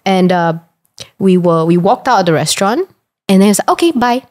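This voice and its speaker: A woman's voice: on the low side, a little fast, darkish tone. A young woman, telling a dating story in casual chat with frank indignation. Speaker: guest.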